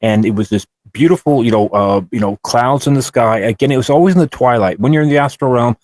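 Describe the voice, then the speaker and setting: A man's voice: mid-range voice, fast, darkish tone. A middle-aged man co-hosting a show, recounting his own experiences in a rambling way with many restarts. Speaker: co-host. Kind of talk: casual first-person storytelling.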